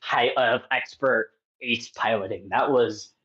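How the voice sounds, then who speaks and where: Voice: mid-range voice, takes it slowly, fairly bright tone. A player narrating their character's actions in a tabletop game, rambling with many likes and restarts. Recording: slightly muffled audio.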